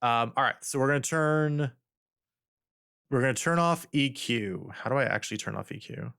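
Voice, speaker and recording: A man's voice: medium pitch, moderate pace, vocal fry, fairly bright tone, smooth. A man streaming from home, casually chatting and repeating silly test phrases while adjusting his mic settings. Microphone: studio desk mic. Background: music playing.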